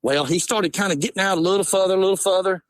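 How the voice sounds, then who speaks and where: A man's voice: high voice, very fast, no echo. Laughing man telling a hunting story. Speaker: podcast guest. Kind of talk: casual storytelling.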